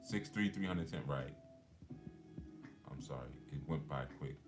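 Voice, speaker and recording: Deep-voiced man chatting on a live stream. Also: unhurried, over loud music. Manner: laid-back, chatty, many fillers, laughs often. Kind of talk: casual live-stream chat reading viewer comments.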